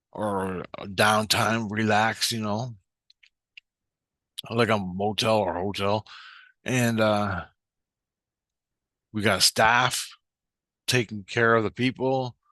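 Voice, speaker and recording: A man's voice: mid-range voice, pushed and bright, no echo. A man telling a rambling personal spiritual story in a casual, profane way, often restarting his sentences. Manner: profane, meandering, with frequent restarts. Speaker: spiritual vlogger.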